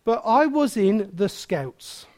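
Guy preaching with a really high voice, jokey and animated, bursts out loud sometimes. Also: slow pace. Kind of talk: sermon.

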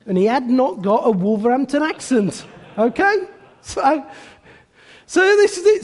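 A man's voice: very high voice, darkish tone, long reverb tail. A man preaching a sermon, telling a story with chatty asides.

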